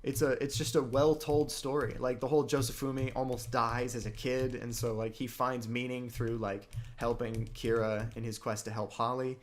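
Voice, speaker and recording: An excitable man in loose podcast chat, his voice leaping upward whenever something grabs him. He talks in a middle pitch and eager bursts. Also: normal speed, hardly any pauses. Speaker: podcast co-host. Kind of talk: casual chat about a comic.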